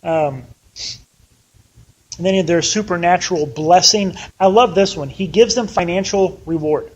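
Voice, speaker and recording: A man's voice: sits high, unhurried, rough recording. A man teaching a casual Bible study, chatty and conversational, often acting out the people he quotes.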